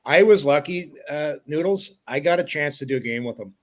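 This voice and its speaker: A middle-aged man co-hosting a sports podcast, telling stories animatedly. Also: a little fast. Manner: animated storyteller, lively pitch swings. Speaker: co-host, former color commentator. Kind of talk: casual podcast chat.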